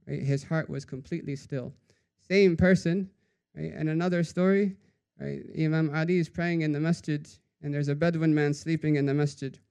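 A man giving a storytelling sermon in a conversational way, often adding "right?" and dropping to a hushed voice for quoted sayings. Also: on the high side, clear, resonant tone. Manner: conversational, says "right?" after nearly every phrase. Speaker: religious teacher.

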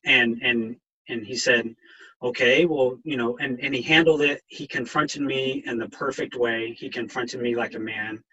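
A middle-aged man, a counselor and veteran, telling his recovery story with halting ums and a voice that catches with emotion. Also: medium pitch, fairly even intonation, pushed and bright, slightly rough, highs cut off.

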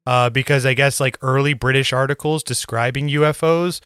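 A man's voice: medium pitch, fairly even intonation, a little fast, fairly bright tone, clean tone, dry recording, clean studio sound. A man co-hosting a podcast in casual chat, laid-back, swearing and filling with "like" and "um". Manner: laid-back, swearing, laughing, lots of fillers. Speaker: podcast co-host.

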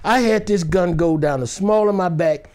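A man's voice: sits high, moderate pace. A male actor from Detroit telling a dramatic personal story in a chat and acting out every voice. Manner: animated, acts out every voice in the story.

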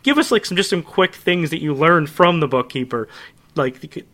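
A man's voice: fairly high pitch, expressive, moderate pace, a bit bright. A man hosting a casual podcast interview, asking loose questions full of fillers. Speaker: podcast host.

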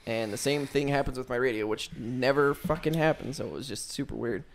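A man's voice: mid-range voice, fairly quick, gravelly, slight background noise. A young man telling a spooky story to friends in a loose, profane, casual way, full of fillers. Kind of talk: casual chat.

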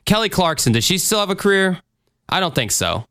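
A man's voice: sits high, sing-song, fairly quick, bright, forceful tone, clean tone, no room sound. A man hosting a podcast in casual chat, rambling and swearing freely, with lots of fillers. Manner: rambling, profane, full of fillers. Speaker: podcast host.

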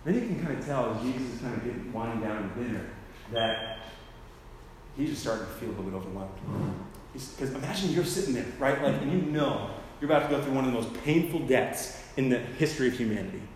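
A man's voice: medium pitch, animated, quick pace, slight background noise. A young man giving a casual sermon, full of slang, who acts out the people in the story as he tells it. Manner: slangy and conversational, full of "dude" and "like". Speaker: youth speaker at a church. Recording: echoey hall with faint ambience.

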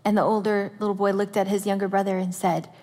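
A woman telling a family story as part of a sermon, lively and animated, acting out her children. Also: mid-range voice, fast, long reverb tail. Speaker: pastor's wife and co-speaker.

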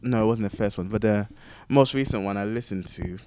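Animated, jokey man on a podcast. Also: on the low side, clean tone. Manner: animated, jokey, quick to laugh. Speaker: podcast co-host. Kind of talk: casual chat.

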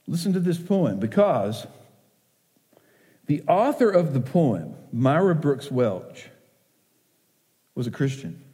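A middle-aged male pastor preaches slowly and earnestly, his voice mellow and a touch high for a man. He reads verse with quiet feeling. His words ring out with the long reverb of a church hall. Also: sing-song. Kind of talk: sermon with poetry reading. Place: church sanctuary.

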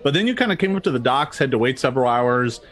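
A man's voice: medium pitch, expressive, quick pace, fairly bright tone. A man narrating as game master of a tabletop game, descriptive and hesitant, full of ums and restarts.

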